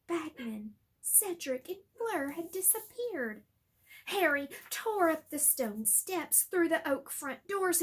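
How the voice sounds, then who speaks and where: A woman reading a novel aloud, with measured, expressive narration. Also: high voice. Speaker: reader. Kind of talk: audiobook reading.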